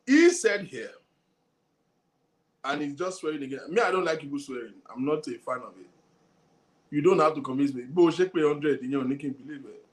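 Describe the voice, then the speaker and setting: A man with a Nigerian accent hosting a show, commenting in a measured way on a clip and on viewer comments. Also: medium pitch. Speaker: host.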